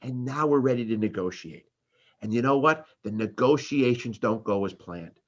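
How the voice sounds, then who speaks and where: Male sales trainer, lively and wide-ranging delivery, a touch husky, dull lo-fi sound. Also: mid-range voice, normal speed. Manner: animated, acts out customer and salesperson exchanges. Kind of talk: live sales training talk.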